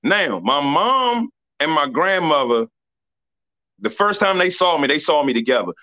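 A man's voice: fairly high pitch, big pitch swings, measured pace, sharp tone. A man who is a stand-up comedian, chatting casually on a podcast, laid-back and supportive, swearing in passing. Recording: slightly dull lo-fi sound.

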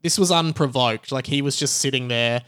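A man's voice: medium pitch, moderate pace, fairly bright tone, clear, resonant tone. A man, a podcast guest, speaking earnestly in casual chat and stumbling on words now and then.

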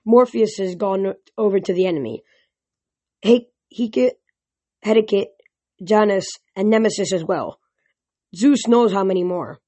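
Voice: medium pitch, unhurried, pauses often, warm tone, close to an everyday voice. A reader doing a snappish, bored wine god. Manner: snappish, languid. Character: moody, bored wine god, grieving man.

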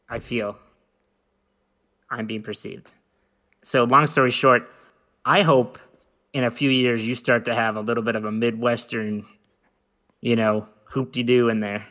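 A man's voice: medium pitch, bright, forceful tone. A man co-hosting a casual podcast chat, rambling and joking playfully. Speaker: podcast co-host.

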